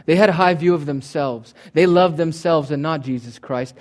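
A man preaching from the pulpit, his voice pitched a little higher than most men's. He swings from loud, emphatic declarations down to quiet, low asides, and now and then slips into voicing his listeners' imagined thoughts. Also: normal speed, few pauses. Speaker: pastor. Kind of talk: sermon.

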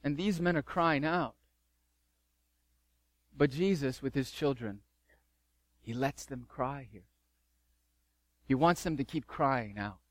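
A man's voice: medium pitch, slow pace, long pauses, dry recording. A middle-aged man preaching a sermon as pastor, fervent and emphatic, repeating key phrases.

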